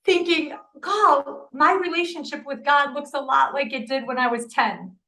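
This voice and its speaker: A woman's voice: high voice, normal speed, pushed and bright. A middle-aged woman telling a personal story in a casual interview, earnest and emotional, often restarting her sentences. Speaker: podcast guest.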